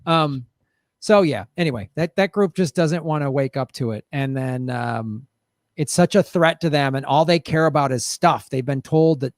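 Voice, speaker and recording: High-voiced guy telling a story on a podcast, animated, quotes people, dry mic. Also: brisk, no room sound. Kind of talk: casual podcast chat.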